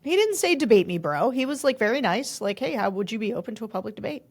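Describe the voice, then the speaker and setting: A woman co-hosting a podcast, telling stories in a chatty, animated way and laughing often. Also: fairly high pitch, quick pace. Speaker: podcast co-host. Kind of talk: casual political chat.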